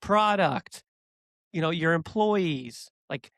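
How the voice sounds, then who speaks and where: A man guesting on a business podcast, telling stories in an animated, energetic way on a close mic. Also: a little high, takes it slowly, no room sound. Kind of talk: casual podcast conversation and storytelling.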